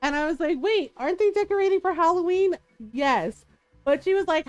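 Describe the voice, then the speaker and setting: Woman, high voice, lively storytelling, laughs a lot, dry close sound, faint music behind. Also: fairly quick, no echo, lo-fi sound. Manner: animated, laughing often, quoting others in shifting voices. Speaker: streamer. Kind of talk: casual storytelling chat.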